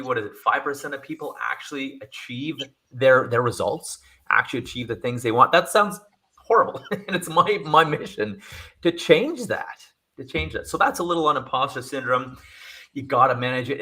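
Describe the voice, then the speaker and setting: A man's voice: mid-range voice, lively intonation, fairly quick, pushed and bright. A man working as a communication coach, giving advice in an interview with energy, stressing and repeating his key phrases.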